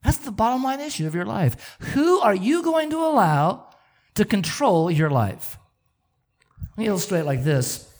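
A male pastor preaching a sermon, telling stories with an animated manner and often repeating words. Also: high voice, normal speed.

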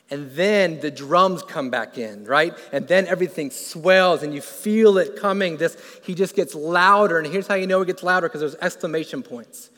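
A man preaching a sermon who asks the congregation questions and builds from quiet to loud and fervent. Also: high-pitched, moderate pace, big-room sound.

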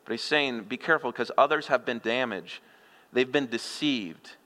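A man's voice: medium pitch, normal speed, sharp tone. A middle-aged male pastor preaching an expository sermon in a conversational style, with rhetorical questions and folksy humor. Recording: long hall reverb.

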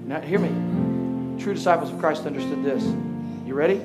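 A man preaching to a congregation, joking with the crowd and building to loud, passionate preaching. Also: a little high, a little fast, loud music behind the voice. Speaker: pastor. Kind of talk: sermon.

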